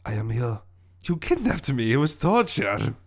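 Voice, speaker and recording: A man's voice: medium pitch, very animated, normal speed. A man voicing a vengeful, pompous French tennis player villain in a put-on French accent, theatrical and indignant.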